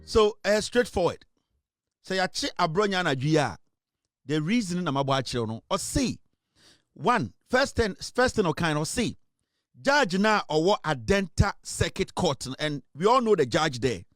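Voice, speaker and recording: A man's voice: high-pitched, very animated, normal speed, fairly bright tone, no echo, studio quality. A Ghanaian man giving impassioned political commentary, emphatic and full of fillers as he switches between English and Twi.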